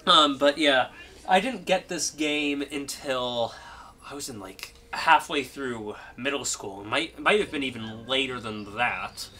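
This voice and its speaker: A young man hosts a casual game stream, rambling through stories as he plays. He talks slowly, with a bright, forward tone, and laughs easily. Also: medium pitch.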